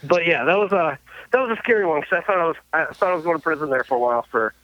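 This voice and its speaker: A man with a fairly high voice tells road stories in a loose, chatty way. He laughs between lines and swears freely. The sound is dry and a bit dull, like a lo-fi remote recording. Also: very fast, dry recording. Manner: laughing, swearing, animated anecdotes. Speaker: guest musician. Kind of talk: casual storytelling.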